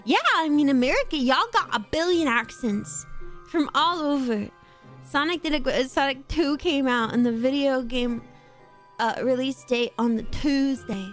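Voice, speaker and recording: Young British woman streamer: very high voice, unhurried delivery, giggly rambling chat over faint background music. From United Kingdom. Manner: giggly, rambling, laughs often. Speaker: VTuber streamer. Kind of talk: casual livestream chat.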